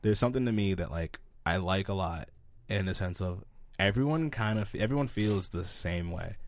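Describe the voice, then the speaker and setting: A man from Zimbabwe chatting casually on a podcast, telling stories in an animated, slangy way with lots of fillers. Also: low-pitched, normal speed, no echo.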